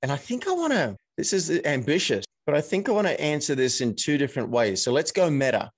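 Guy coach telling stories on a podcast, calm and thoughtful, dead dry mic. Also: on the high side, fast, slightly rough, dry recording. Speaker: coach, guest. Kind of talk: casual interview chat.

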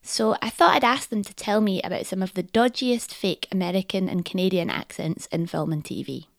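A woman with a Scottish accent hosting a podcast in scripted narration, lively, wry and articulate. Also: mid-range voice, brisk, vocal fry, no echo, studio quality. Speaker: podcast host.

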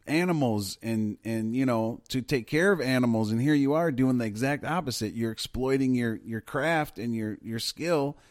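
A man's voice: medium pitch, normal speed, few pauses, no echo, studio quality. A man co-hosting a podcast, chatting loosely about news stories, swearing and laughing often. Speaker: podcast co-host. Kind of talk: casual news chat.

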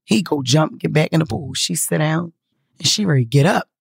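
A woman telling a story to her viewers in a casual, profane, animated way. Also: sits low, a little fast, vocal fry, breathy edge, no echo.

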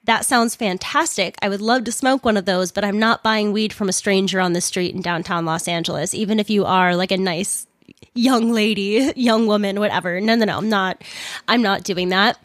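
A woman's voice: medium pitch, moderate pace, no echo. A young woman hosts her podcast in a loose, chatty monologue, laughing easily and swearing without thinking twice. Her upper lip is sore, so she talks a little stiffly around it. The sound is dry and close, with no room in it. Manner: chatty, candid, laughs often, swears casually. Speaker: podcast host. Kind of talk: casual storytelling monologue.

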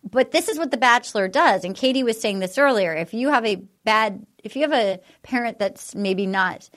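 A woman's voice: a little high, animated, normal speed, a bit bright. A woman hosting a casual podcast, retelling a scene in a rambling way with many fillers. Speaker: podcast host. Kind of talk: casual recap chat.

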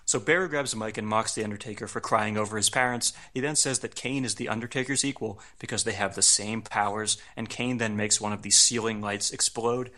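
A man hosting a podcast, recapping events casually in an amused, relaxed way. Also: lowish voice, fairly quick, hardly any pauses. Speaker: podcast host. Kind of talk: casual wrestling recap chat.

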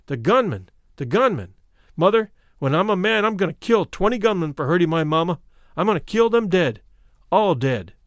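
A man's voice: high voice, very animated, moderate pace, no room sound, clean studio sound. A man voicing a frightened little boy who sobs out his pleas in a storybook reading. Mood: anguished. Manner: sobbing, pleading.

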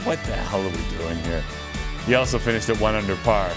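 A man runs through golf highlights as a show host, cracking quick jokes between shots. His voice sits a little low. Music plays softly underneath. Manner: jokey, quick asides over golf highlights. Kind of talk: casual highlights commentary with banter.

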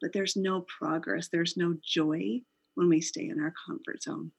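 Gravelly, husky-voiced woman telling her story. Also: lowish voice, fairly even intonation, measured pace. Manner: earnest, reflective storyteller. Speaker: guest, company founder. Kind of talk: storytelling interview.

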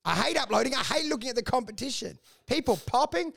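Excitable high-pitched man. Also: fast talker, vocal fry. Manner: rambling, excitable, swears a lot. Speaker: podcast co-host. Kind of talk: casual banter.

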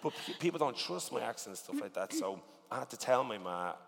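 A man with a working-class Dublin accent, talking in a casual interview, animated and swearing often with lots of "you know what I mean". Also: medium pitch, a little fast, creaky, in a large hall. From Dublin, Ireland. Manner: animated, swearing, filler-heavy storytelling. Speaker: rapper, interview guest.

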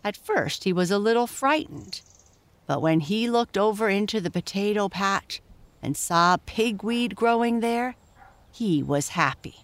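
A woman reading a children's story aloud in a gentle, expressive storytelling manner. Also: mid-range voice, measured pace, no echo. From Prince Edward Island, Canada.

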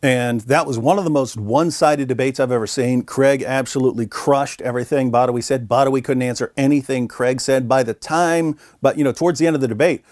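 A middle-aged man, a guest in an interview, telling a story in a relaxed, chatty way and briefly acting out the voices of people he quotes. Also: mid-range voice, fairly quick, few pauses, dry recording, studio quality. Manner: animated, acts out quoted voices. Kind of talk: conversational storytelling.

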